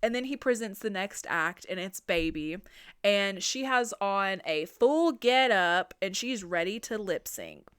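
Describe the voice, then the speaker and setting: A woman's voice: mid-range voice, measured pace, clear, resonant tone. Chatty, swearing woman recapping a horror film. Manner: animated, profane, chatty. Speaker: podcast host. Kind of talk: casual movie recap.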